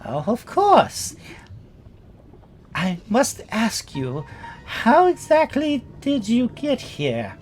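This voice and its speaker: Woman playing a sly old crone, drawn-out lilting delivery. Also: a little high, wildly swooping pitch, a little mellow, faint music behind, heavily acted. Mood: sly courtly. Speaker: player voicing a crone.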